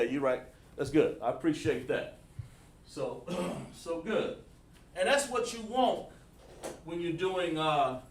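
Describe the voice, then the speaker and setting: Man, instructor on a live stream, a bit higher pitched, mic set back in a roomy space. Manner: repetitive, coaching, asks the chat for feedback. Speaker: language teacher. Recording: echoey room, distant mic, faint noise.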